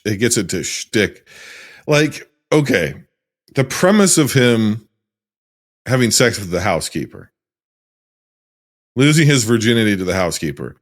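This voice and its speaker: A man co-hosting a movie podcast, talking casually and animatedly, acting out scenes and laughing often. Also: mid-range voice. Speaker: podcast co-host. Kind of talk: casual movie review chat.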